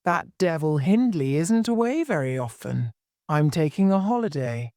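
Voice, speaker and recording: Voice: medium pitch, lively intonation, normal speed, darkish tone, dry recording, studio quality, natural voice. A reader voicing a resentful young man in an audiobook, speaking bitterly in an everyday voice. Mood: sullen. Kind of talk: audiobook reading.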